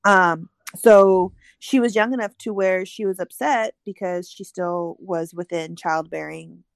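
A woman with a slightly low voice talks through a news story she is reading on the spot. She fills pauses with ums and restarts her sentences. The sound is dry and close. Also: vocal fry, dry recording. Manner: explanatory, reads aloud with many ums. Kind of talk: casual podcast discussion.

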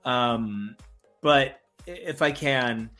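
A man hosting a podcast over a call, chatty and excitable, with lots of fillers and jokes. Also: mid-range voice, drawn-out words, soft background music. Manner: excitable, many fillers, joking. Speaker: podcast host. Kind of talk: casual podcast chat. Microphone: remote call.

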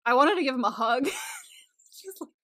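A young woman co-hosting a podcast in casual chat, excitable and giggly, swearing freely. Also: sits high, unhurried. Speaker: podcast co-host.

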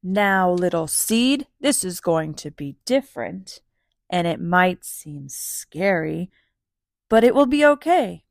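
A woman voicing a kind, gentle male farmer in a children's storybook, speaking slowly and reassuringly. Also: on the low side, big pitch swings, vocal fry, no echo, studio quality, full character voice. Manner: slow, soothing reassurance.

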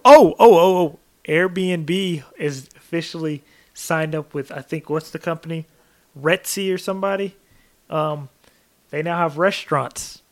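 A man co-hosting a podcast, chatting in a relaxed way with lots of "like" fillers. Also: on the high side, a little slow. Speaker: podcast co-host. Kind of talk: casual chat.

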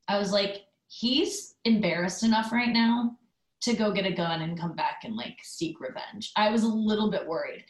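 A woman with a medium-pitched voice hosts a podcast, heard in a roomy, low-quality recording. In a casual monologue she tells a rambling story full of loose fillers and quick asides.

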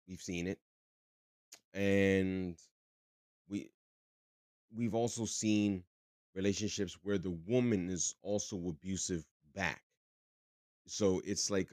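Deep-voiced rambling podcast host, man. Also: darkish tone, no echo, clean studio sound. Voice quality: rambling, profane, full of fillers and restarts. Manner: joking about a tense topic. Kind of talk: casual monologue.

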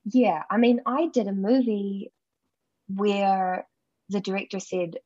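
Candid New Zealand woman, husky and dry. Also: medium pitch, fairly even intonation, takes it slowly, warm tone, dry recording, highs cut off. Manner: candid, laughs often, acts out quoted people. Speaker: actress guest. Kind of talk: casual interview chat.

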